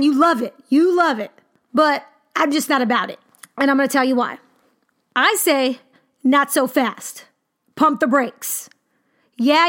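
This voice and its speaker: Female sports podcast host, 30s, high voice, punchy and expressive delivery. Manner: animated, emphatic, exclaiming. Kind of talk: casual sports commentary.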